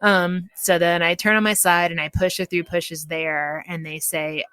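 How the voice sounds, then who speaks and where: Lively, laughing woman telling a story. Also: on the low side, moderate pace, smooth, no echo. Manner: lively storyteller, laughs often, acts out quoted people. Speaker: podcast guest. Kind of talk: casual chat, telling a birth story.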